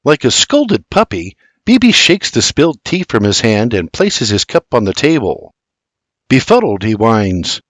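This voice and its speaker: Expressive older man narrating an audiobook. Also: medium pitch, a little slow, no room sound. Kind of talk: scripted storybook narration.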